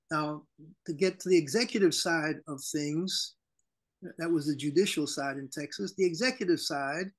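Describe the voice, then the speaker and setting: A political talk show co-host, whose voice sits a little higher than most men's, delivers animated, indignant commentary over a remote call link.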